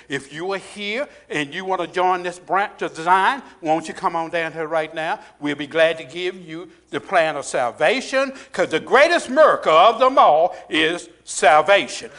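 Man, preacher, high voice, call-and-response, repeats himself, church sermon. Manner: drops to a hushed intense voice in prayer. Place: church sanctuary.

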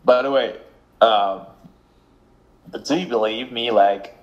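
A man from Russia with a Russian accent, talking slowly and hesitantly in casual chat, often pausing to search for words. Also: medium pitch, lo-fi sound. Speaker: language learner.

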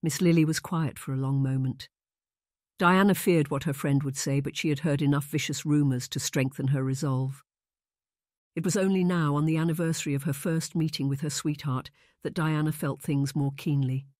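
An audiobook narrator reading a historical romance in measured, even scripted narration. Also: medium pitch, no echo, studio quality.

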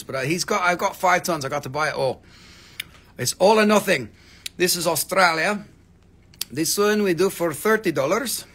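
Guy selling rocks on a live stream, kinda high voice, rambly and cussing, tossing out prices. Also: a bit bright, slightly rough. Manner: rambling, profane, hawking prices to viewers. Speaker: live-stream rock seller. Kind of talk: live sales stream, casual chat.

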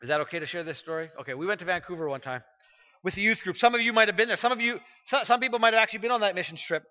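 A middle-aged pastor preaches a storytelling sermon in a church sanctuary, his high, bright voice forceful and racing as he repeats phrases emphatically to press his points. The recording sounds dull, with a long church-hall reverb.

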